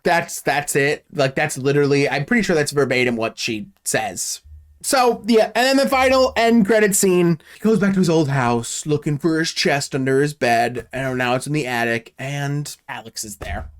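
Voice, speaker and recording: Animated, sarcastic man recapping a film. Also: on the high side, normal speed. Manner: sarcastic, profane, animated storytelling. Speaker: YouTuber reviewing a film. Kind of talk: casual movie recap and review.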